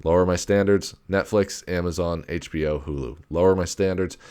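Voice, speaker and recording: A man with a very deep voice rambles through a casual solo rant. He swears freely, stacks up fillers and restarts his sentences often. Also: normal speed, mellow, clear, resonant tone. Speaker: podcast host.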